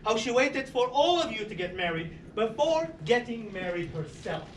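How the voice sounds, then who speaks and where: A man's voice: very high-pitched, sing-song, moderate pace, a little hiss or hum. An actor playing a grieving young man who pleads with his family, in a live stage play recorded from a distant microphone in a roomy space. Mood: pleading. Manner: earnest, pleading stage delivery.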